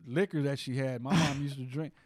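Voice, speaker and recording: A man's voice: medium pitch, fairly even intonation, fairly quick, no room sound, clean studio sound. A man guesting on a podcast, telling rambling, profane stories in casual chat and often repeating himself.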